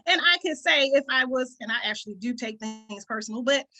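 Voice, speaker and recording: A woman's voice: sits high, lively intonation, brisk, sharp tone, faint music behind. A woman with a Southern country twang, hosting a community call and talking casually to the group, often checking in with "right?". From rural southern United States. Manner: conversational, frequent "right?" check-ins, occasional laughs. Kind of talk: casual talk to an online group.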